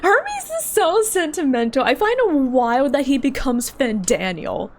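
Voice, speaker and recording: A woman's voice: sits high, sing-song, measured pace, hardly any pauses, low-quality recording. A young woman streaming a game, chatting casually, giggly and rambling, sleepy and yawning. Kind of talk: casual gaming commentary.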